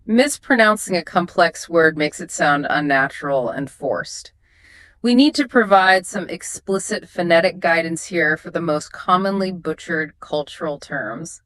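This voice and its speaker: A woman's voice: on the low side, expressive, measured pace, fairly bright tone. Instructive woman co-hosting a lesson. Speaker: co-host of an English exam lesson. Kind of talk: scripted two-host lesson dialogue.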